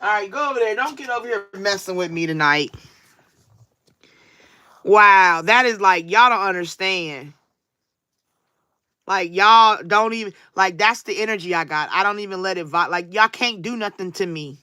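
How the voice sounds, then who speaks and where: Sarcastic, animated woman live streamer. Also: mid-range voice, moderate pace, no echo, studio quality. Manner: sarcastic, animated, preacher-like cadence. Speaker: livestream tarot reader. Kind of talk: casual livestream talk to viewers.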